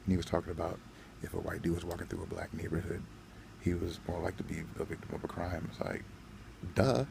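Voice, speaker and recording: A man's voice: sits low, monotone, fast, vocal fry, noisy background. A man hosting his own channel, delivering a profane, angry, blunt vlog rant. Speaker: channel host.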